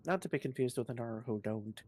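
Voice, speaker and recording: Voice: mid-range voice, fast talker, darkish tone, slight background noise. A guest streamer chatting casually during a game session, making playful self-mocking jokes. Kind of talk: casual stream chat while playing a game.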